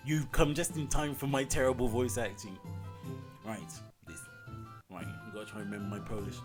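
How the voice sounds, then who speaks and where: A game streamer chatting casually to viewers in an excitable, rambling way, laughing often. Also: medium pitch, fairly quick, soft background music. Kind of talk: casual live-stream chat.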